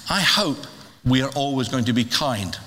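A middle-aged man preaching a sermon in a lively, humorous way, with stammered restarts. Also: mid-range voice, normal speed, noisy background. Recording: long hall reverb.

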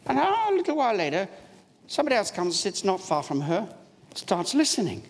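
A man's voice: sits high, huge pitch swings, brisk. A man preaching a sermon in a church, emphatic and storytelling, with wide swings in his voice. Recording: long hall reverb, faint background noise.

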